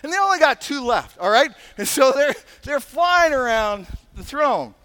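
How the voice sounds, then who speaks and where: High-voiced animated male preacher. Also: normal speed. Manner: animated, emphatic, with frequent asides and laughter. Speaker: pastor. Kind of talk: sermon.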